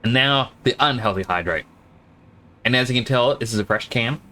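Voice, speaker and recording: A man's voice: mid-range voice, moderate pace, bright, forceful tone, slight background noise. A man with an Australian accent giving casual, joking commentary while streaming a game. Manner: chatty, joking, thinks aloud.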